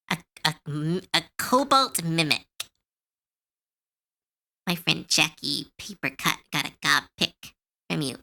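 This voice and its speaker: A woman streamer chats casually while drawing on a live art stream. Her voice sits a little low but swings widely in pitch, with a bright, sharp edge. She rambles in an animated way, full of fillers and restarts. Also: a little slow, gravelly. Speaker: artist streamer.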